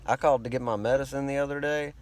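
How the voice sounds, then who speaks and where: A man's voice: mid-range voice, fairly even intonation, fast talker. A man with a rural American country accent and a laid-back drawl, talking in a rambling, profane, self-conscious vlog monologue. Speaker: vlogger.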